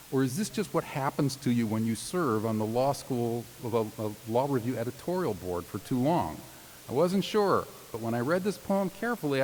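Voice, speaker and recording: A man's voice: mid-range voice, darkish tone. A man reading graduates' tributes aloud at a commencement ceremony, formal but with playful joking asides. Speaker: commencement announcer. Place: large commencement hall. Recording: reverberant hall with faint hiss.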